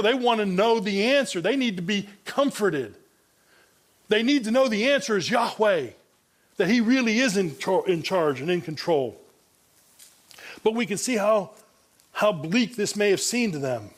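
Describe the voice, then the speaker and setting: A man's voice: high voice, expressive, moderate pace. A male pastor preaching an expository sermon, reading and comparing Bible translations, often restarting his phrases. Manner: frequent restarts and repeated words.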